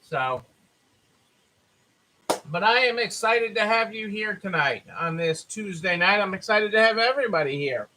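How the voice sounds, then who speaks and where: A man with a very high, bright voice chats with viewers on a store live stream, greeting them by name and repeating himself in a loose, casual way. He sounds tired. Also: animated, moderate pace, a little hiss or hum, rough recording.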